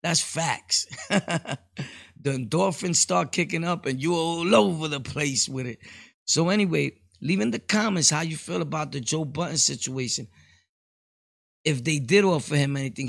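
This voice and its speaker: A man's voice: fairly high pitch, moderate pace, gravelly, a bit bright, dry recording, studio quality. A man hosting a solo podcast, rambling casually with street slang and laughing asides. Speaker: podcast host.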